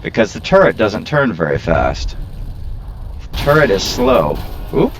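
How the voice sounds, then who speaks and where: A man's voice: fairly low pitch, huge pitch swings, unhurried. A man talks through his gameplay in a loose, rambling way, poking fun at himself and grumbling as he goes. His voice swings up and down with plenty of life, over a faint background hiss. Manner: rambling, self-mocking, prone to complaining. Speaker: gaming video creator. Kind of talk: casual gameplay commentary.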